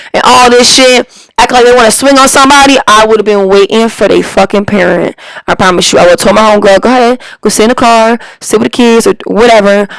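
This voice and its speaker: A woman's voice: on the high side, fairly bright tone, no echo, rough recording. A woman, a parent, telling a story in a heated, emphatic, profane rant full of slang. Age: adult parent. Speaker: storyteller vlogger.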